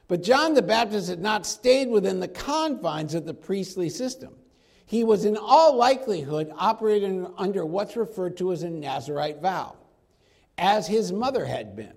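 This is expository Bible teaching from a man whose voice sits fairly high, moving at a moderate pace verse by verse. His delivery stays conversational and energetic, with casual slang whenever he acts out the characters' words.

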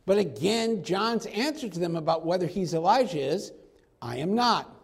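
High-voiced man preaching a Bible study. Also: expressive, normal speed, breathy edge. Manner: conversational, acts out quoted dialogue with slang. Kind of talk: expository Bible teaching.

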